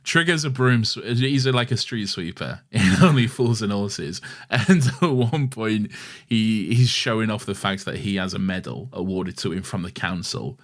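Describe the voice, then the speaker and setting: A man's voice: fairly low pitch, normal speed. A man co-hosting a podcast in casual chat, laughing often and swearing freely. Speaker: podcast co-host.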